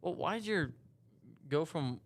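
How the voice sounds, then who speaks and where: A man's voice: on the high side, lively intonation. A young man co-hosting a casual podcast, goofy and joking, cutting in often. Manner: goofy, joking, quick interruptions. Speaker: podcast co-host. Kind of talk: casual chat.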